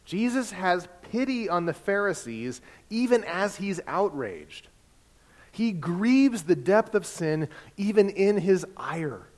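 A man, a pastor, preaching a sermon in a conversational storytelling manner, swinging between loud and soft. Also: high voice, very animated, slow. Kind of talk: sermon with personal anecdote.

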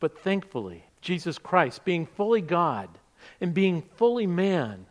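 A man's voice: sits high, big pitch swings, unhurried. A man preaching a sermon reflection, earnest, asking his listeners pointed questions. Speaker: pastor.

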